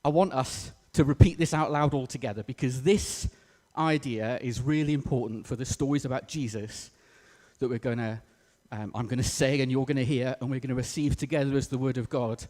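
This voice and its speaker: Preacher in an echoey church. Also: male voice, medium pitch, a little fast, a little mellow. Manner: casual, self-deprecating, with fillers. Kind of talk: sermon.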